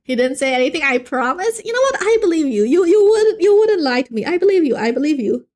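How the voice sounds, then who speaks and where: Fast and high-voiced, a young woman art streamer chats casually with her viewers while drawing. She's playful and animated, joking with chat and often breaking off to restart sentences.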